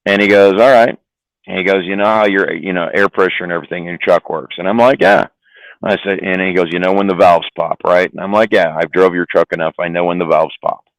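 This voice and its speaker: Gruff-sounding low male trucker, swears freely, dry close sound. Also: fairly even intonation, fast talker, no echo, poor audio. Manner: rambling, profane, repeats words. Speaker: trucker guest. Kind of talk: casual storytelling on a live stream.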